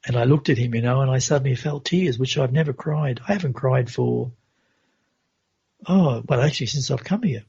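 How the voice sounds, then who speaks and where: A man who is a podcast guest, recounting a personal spiritual experience in an earnest, unhurried way on a dull, lo-fi recording. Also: mid-range voice, creaky, a little mellow, slightly rough.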